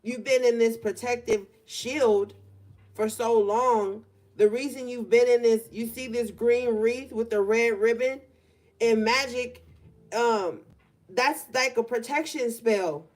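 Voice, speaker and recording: A young woman with a voice on the high side, fairly even and a little mellow, talks casually through a collective tarot reading. She sits in a room by an open window, keeping it conversational and stretching out words for emphasis.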